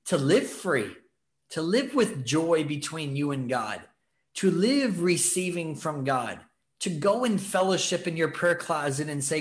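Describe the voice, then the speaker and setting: A man's voice: on the high side, very animated, a little slow. A man hosting a faith podcast, preaching in an earnest, exhorting way and acting out the thoughts of people in the story. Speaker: podcast host teaching on scripture. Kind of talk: preaching talk, casual.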